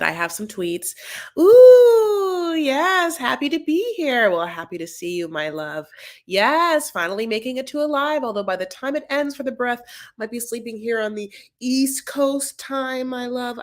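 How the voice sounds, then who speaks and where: Chatty woman hosting a live recap. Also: mid-range voice. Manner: chatty and animated, calls viewers honey, reads chat aloud. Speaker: live-stream recap host. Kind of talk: casual live-stream chat.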